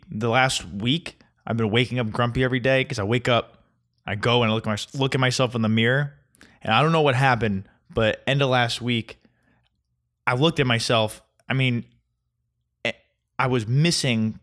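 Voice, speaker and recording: A man's voice: medium pitch, fairly bright tone. A young man ranting in a casual comedic monologue, grumpy and mocking. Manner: grumpy, ranting, mocks mispronunciations.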